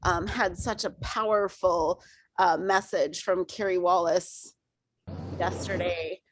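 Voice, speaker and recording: A woman's voice: fairly low pitch, fairly even intonation, slow pace, slight background noise, rough recording. A woman team leader giving a passionate, encouraging talk to her team.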